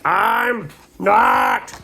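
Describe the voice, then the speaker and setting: A man's voice: sits high, lively intonation, slow pace, creaky, bright, forceful tone, breathy edge, pitched above the performer's own voice, exaggerated voice. A man voicing a grumpy older brother ape who snaps and protests in a raised voice. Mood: protesting.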